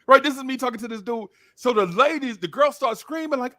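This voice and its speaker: A man's voice: very high-pitched, a little fast. A man, telling a long story in casual chat and acting out the other people's voices. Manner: animated storyteller, acts out voices. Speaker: podcast co-host.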